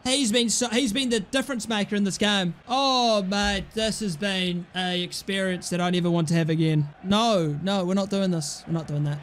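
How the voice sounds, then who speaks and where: A young man commentating his own football game play, excitable, grumbling at misses and yelling at goals. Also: high-pitched, moderate pace, hardly any pauses, slight background noise. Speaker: gaming YouTuber. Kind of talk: casual gameplay commentary.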